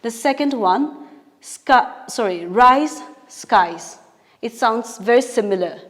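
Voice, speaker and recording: A woman teacher gives a recorded English lesson, talking slowly and deliberately. She explains patiently, step by step, with fillers and quick self-corrections. Her voice rings with a long reverb, as if recorded in a large hall. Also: fairly high pitch, animated, a bit bright.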